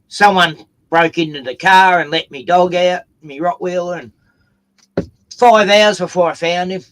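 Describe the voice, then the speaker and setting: A man in easygoing conversation, his pitch a little above the usual for a man. He tells his story in a relaxed, offhand way and drops casual swears as he goes. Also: poor audio. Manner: laid-back, chatty, swears offhandedly. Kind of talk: casual chat.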